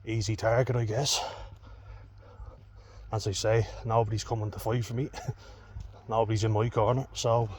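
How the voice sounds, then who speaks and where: A man's voice: fairly low pitch, little pitch movement, normal speed, long pauses, darkish tone, a little hiss or hum. A man telling a personal story in a blunt, candid way, swearing often. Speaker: vlogger.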